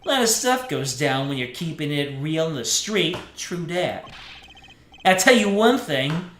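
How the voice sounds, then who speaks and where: A man voicing a brash young male street-tough defendant who talks with slangy swagger, pitched higher than his own voice. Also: sing-song, a little slow, fairly bright tone, reverberant, slight background noise. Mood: boastful.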